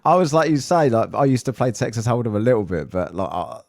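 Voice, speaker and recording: A man's voice: medium pitch, big pitch swings, fast talker, vocal fry, darkish tone, dry recording, clean studio sound. A British man hosting a podcast, chatting casually, telling stories and swearing freely with a jokey manner. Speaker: podcast host.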